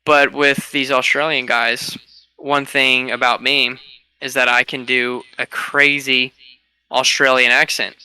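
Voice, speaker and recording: A young man co-hosting a podcast, chatting casually and telling lively stories with frequent laughter. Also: medium pitch, a little slow, smooth, no room sound. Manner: animated storyteller, laughs often. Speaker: podcast co-host. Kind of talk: casual chat.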